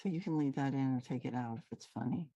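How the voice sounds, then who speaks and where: This host and trainer, a Washington State woman with a Pacific Northwest American accent, delivers a relaxed, cheerful, rambling lesson over a computer mic. Her bass voice is dark and quick, and the recording is dry and muffled.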